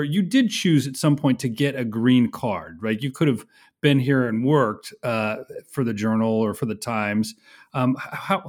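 A man's voice: medium pitch, darkish tone. A man hosting an interview who asks questions and steers the conversation in a friendly way. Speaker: interviewer host.

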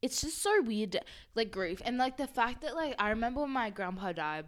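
A woman's voice: a little high, lively intonation, normal speed. Chatty young woman, laughing easily. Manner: chatty, heavy use of "like", laughing often. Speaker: podcast co-host. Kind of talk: casual chat.

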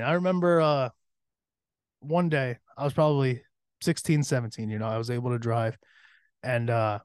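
A man's voice: mid-range voice, no echo, clean studio sound. A young man hosting a podcast, telling a rambling, profanity-laced story from his teen years and laughing along. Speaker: podcast host. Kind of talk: casual storytelling.

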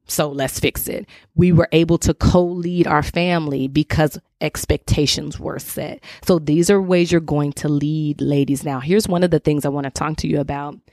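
A woman with a somewhat low voice talks straight to her listeners, preachy and emphatic. Her faith-based advice to wives is informal and direct. The sound is dry and close, with no room around it. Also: a little mellow, dry recording. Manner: informal, addresses listeners as y'all. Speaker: podcast host.

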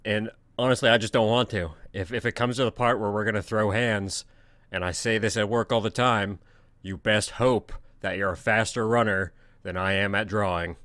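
Bright-voiced man bantering on a podcast. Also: on the low side, fairly even intonation, normal speed, no echo. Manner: laid-back, profane banter. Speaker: podcast co-host. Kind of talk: casual chat.

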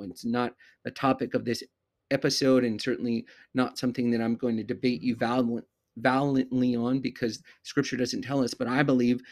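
Deliberate male Bible teacher. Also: mid-range voice, darkish tone. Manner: measured, deliberate, slows down to stress key words. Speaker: podcast host teaching the Bible. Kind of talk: expository Bible teaching monologue.

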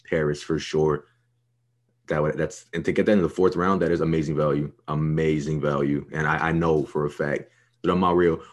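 A young man, co-hosting a podcast, hyped and swearing often as he talks up his picks. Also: extremely low pitch. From New York. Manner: profane, hyped, swaggering. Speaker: podcast co-host. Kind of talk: casual podcast banter.

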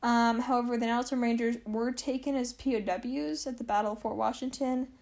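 A woman's voice: a little high, fairly even intonation, brisk, a little mellow. Chatty young woman telling history. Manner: chatty, full of "like" and self-corrections. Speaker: podcast host. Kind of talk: casual history storytelling. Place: at home.

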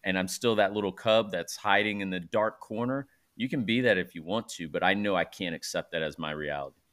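Casual low-voiced man saying bro. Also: brisk. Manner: relaxed, says bro, open about himself. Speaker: podcast host. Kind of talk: casual chat.

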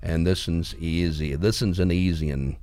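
A man's voice: low voice, steady tone, moderate pace, warm tone, dry recording, clean studio sound. A middle-aged man hosting a radio talk show, telling stories and acting out the voices of comic strips. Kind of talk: casual on-air talk.

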